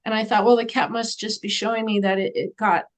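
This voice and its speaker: A woman guest in an interview, telling a story in an animated way and acting out the voices of people she quotes. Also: mid-range voice, brisk.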